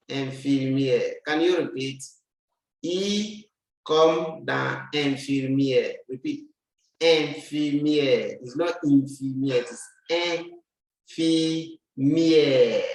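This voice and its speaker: A man teaching French, drilling pronunciation and repeating each word slowly for the learner to copy. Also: mid-range voice. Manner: slow, deliberate, repeats words for the learner to copy. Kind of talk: language lesson, drilling pronunciation. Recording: very echoey room.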